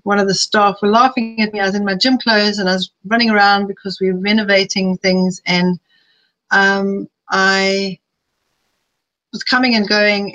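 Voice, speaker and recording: A middle-aged woman giving a live webinar talk, chatty and personal, sometimes piling up quick lists. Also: medium pitch, a bit bright, muffled recording. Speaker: webinar presenter. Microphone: streaming live.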